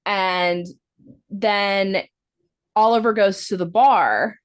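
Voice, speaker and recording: A woman co-hosting a podcast walks through a movie's plot in loose, everyday talk. She rambles and peppers her sentences with "like," with a swear word slipping in here and there. Her voice sits at a medium pitch for a woman. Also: steady tone, extremely slow. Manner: rambling, with lots of "like" fillers and casual swearing. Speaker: podcast co-host. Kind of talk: casual movie-review chat.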